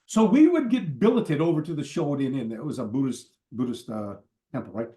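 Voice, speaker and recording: A man's voice: mid-range voice, a little fast, roomy sound. An older man, a martial arts teacher, telling rambling anecdotes as an interview guest over a call, full of asides and fillers. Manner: animated, digressive, lots of fillers and asides. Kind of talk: casual anecdotal storytelling.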